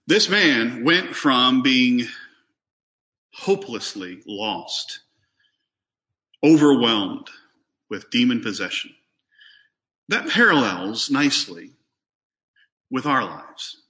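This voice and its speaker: A male preacher delivering a sermon, his pitch swinging widely as he moves from reading scripture to talking it through. His tone is bright and forceful. He keeps asking his listeners questions and sometimes doubles a word as he starts a phrase over. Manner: reads scripture aloud and asks the congregation questions; often repeats a word as he restarts.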